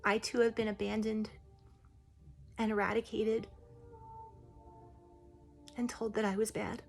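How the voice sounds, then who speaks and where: A woman voicing a humble, gentle ancient tree spirit, speaking softly, solemnly and slowly. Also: on the high side, little pitch movement, vocal fry, soft background music. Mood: solemn, tender. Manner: soft, solemn, slow and hushed.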